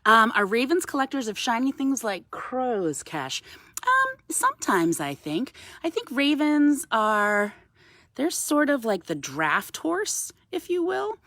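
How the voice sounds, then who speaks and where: Lively woman guiding a live wildlife talk. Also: fairly high pitch, slow, no echo. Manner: explains calmly to viewers, coos softly to the bird between. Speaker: wildlife educator. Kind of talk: live-streamed educational talk. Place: outdoors on a woodland path. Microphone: handheld phone.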